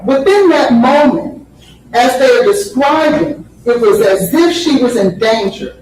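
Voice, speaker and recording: A woman with a high voice argues to a jury at a slow, deliberate pace, hammering her points with repetition. She is picked up from far away in a large, very reverberant courtroom with a faint hiss underneath. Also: expressive, darkish tone. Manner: deliberate, emphatic, repeats phrases for effect. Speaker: defense attorney. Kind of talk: courtroom opening statement. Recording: very echoey courtroom audio from far off.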